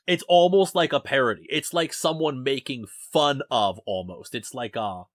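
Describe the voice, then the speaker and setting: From his home basement, a young man hosts a casual podcast, rambling and poking fun at himself. His mid-range voice moves at a moderate pace. The recording is dry and studio quality.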